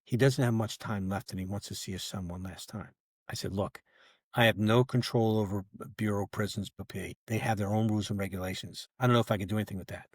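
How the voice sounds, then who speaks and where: A man's voice: lowish voice, fairly even intonation, quick pace, breathy edge, no room sound, clean studio sound. An older man, a retired federal agent, telling a long story in casual podcast talk and acting out both sides of old conversations. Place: podcast recording setup.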